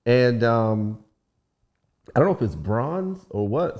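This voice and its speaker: A man's voice: medium pitch, slow pace. A young man from Washington DC, a guest singer, telling stories in a casual podcast interview and acting out the people he quotes. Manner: relaxed storyteller, acts out quoted voices.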